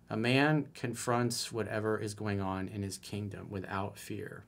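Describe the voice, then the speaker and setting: A man's voice: fairly low pitch, steady tone, unhurried, vocal fry, hardly any pauses. A man giving dating advice as a coach in a solo video, reading a viewer's email aloud and commenting on it bluntly and emphatically.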